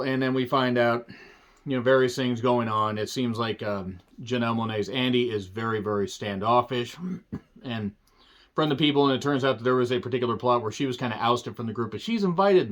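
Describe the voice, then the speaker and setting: Guy rambling thru a movie review, jokey, swears a lot, goes off on tangents, mid-pitched voice. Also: fairly quick. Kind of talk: casual spoken movie review.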